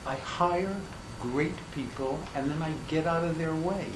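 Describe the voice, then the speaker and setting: An older man, a film director answering questions at a press conference, speaking haltingly with restarts and self-deprecation. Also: fairly high pitch. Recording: echoey room with background noise.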